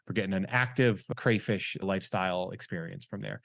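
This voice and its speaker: A young man hosting a podcast in casual, rambling chat, joking around and reading out listener shout-outs. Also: low-pitched, fairly quick, vocal fry, no room sound, clean studio sound. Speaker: podcast host.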